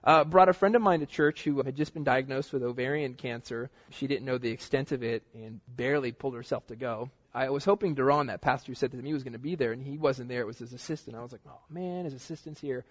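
A man preaching a sermon, telling personal stories in a casual, slangy, animated way. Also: medium pitch, fast, hardly any pauses. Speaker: pastor. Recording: dull lo-fi recording.

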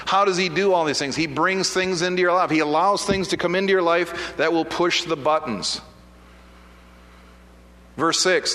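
Male pastor, high and bright, conversational sermon storytelling, long hall reverb. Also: moderate pace. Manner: conversational, self-deprecating storytelling with many restarts.

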